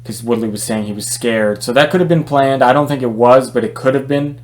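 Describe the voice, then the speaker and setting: Male boxing vlogger, mid-pitched, opinionated and chatty, stumbles and restarts a lot. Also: fairly quick. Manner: conversational, opinionated, many fillers and restarts. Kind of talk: casual opinion vlog.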